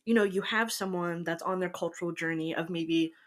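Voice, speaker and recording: A young woman in her twenties hosts a relaxed podcast conversation in a slightly low voice. She giggles often and restarts her sentences as she works to explain her points. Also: fairly quick. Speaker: podcast host. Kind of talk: casual chat.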